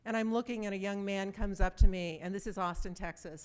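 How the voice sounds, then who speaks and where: A woman's voice: medium pitch, steady tone, fairly quick, smooth. A woman in her fifties giving a presentation to a live audience, telling stories conversationally and putting questions to the listeners. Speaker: conference speaker.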